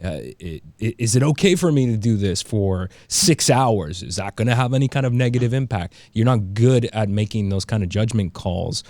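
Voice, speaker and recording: Low voiced guy on a podcast, thoughtful, kinda halting, dry close sound. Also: animated, a little mellow, no room sound. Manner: thoughtful, hesitant, restarts words. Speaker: podcast co-host. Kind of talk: casual podcast discussion.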